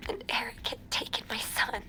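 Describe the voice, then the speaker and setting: A woman voicing a grieving mother searching for her stolen son, in a breathy, whispered role-play. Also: normal speed, natural voice, low-quality recording. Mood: haunted whisper.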